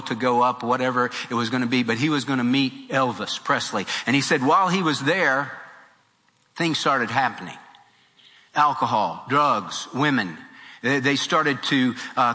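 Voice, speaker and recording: A male pastor preaching a sermon, telling a story animatedly and driving his points home by repeating them. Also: mid-range voice. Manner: animated, storytelling, emphatic repetition. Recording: reverberant hall with faint music.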